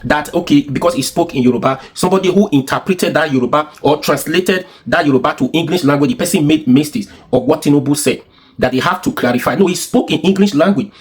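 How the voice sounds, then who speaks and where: A man's voice: on the high side, fast talker, breathy edge. A man with a Nigerian accent giving heated, insistent commentary full of rhetorical questions and repetition. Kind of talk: opinionated political commentary.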